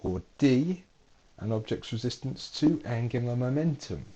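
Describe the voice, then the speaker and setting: A man's voice: mid-range voice, expressive, normal speed, dark tone. A man, a university lecturer, reading out multiple-choice quiz questions with playful dry asides.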